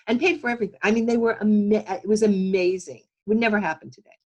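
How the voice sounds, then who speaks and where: A woman's voice: medium pitch, animated, fast, hardly any pauses, darkish tone, rough recording. A woman producer telling stories as an interview guest over a video call, emphatic with frequent restarts. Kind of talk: casual interview storytelling.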